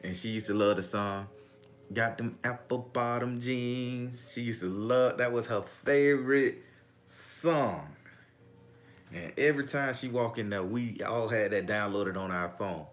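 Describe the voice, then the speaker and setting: A man's voice: on the low side, unhurried, a little hiss or hum. A middle-aged man, telling family stories and preaching in a casual, profane way. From Southern US. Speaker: spiritual vlogger. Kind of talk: casual spiritual talk.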